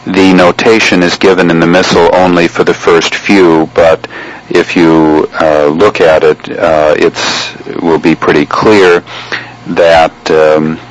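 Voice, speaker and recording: A man teaching liturgical chant in a measured, explanatory way, pausing often between phrases. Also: low voice, flat delivery, poor audio. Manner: measured, explanatory, with frequent pauses. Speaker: chant instructor. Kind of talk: spoken lesson on chant.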